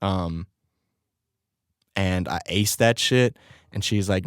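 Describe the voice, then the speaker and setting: Laid-back young man, lowish dry voice. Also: takes it slowly, pauses often, smooth, no echo. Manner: laid-back, profane, laughs often while telling stories. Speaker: podcast host. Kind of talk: casual solo podcast storytelling.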